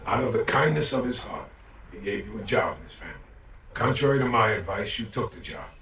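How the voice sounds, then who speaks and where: An actor playing an aging mob boss who speaks quietly and weighs each word, in a film drama. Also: male voice, fairly low pitch, lively intonation, a little fast. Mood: measured. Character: aging male mob boss, measured and guarded. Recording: roomy film soundtrack with faint score.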